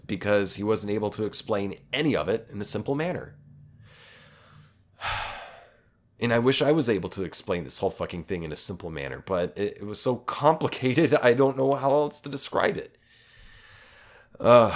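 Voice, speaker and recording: A man hosting a podcast, telling a long story in a rambling, casual way with lots of swearing and self-aware asides. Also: on the low side. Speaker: podcast host.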